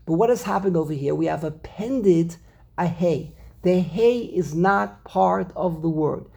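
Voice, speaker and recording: Male Torah teacher, dark gravelly voice, repeats himself as he explains grammar. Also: sits high. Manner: repeats and restarts phrases, slows down to stress words. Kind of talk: text study lesson explaining grammar.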